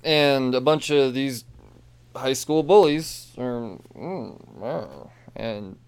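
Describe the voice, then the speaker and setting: A man giving a casual, rambling comic book review, excitable and full of swearing and asides. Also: mid-range voice, extremely slow, clear, resonant tone.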